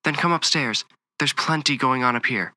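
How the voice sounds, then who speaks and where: A man voicing an adult woman ghost investigator in a horror story, talking excitedly and calling out to others. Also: mid-range voice, normal speed, no echo, pitched above the performer's own voice, natural voice. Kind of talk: audiobook horror reading.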